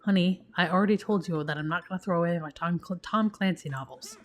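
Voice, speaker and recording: A woman's voice: lowish voice, fast talker, close to an everyday voice. A woman voicing a goofy, sentimental middle-aged dad in a dating game, with dorky jokes.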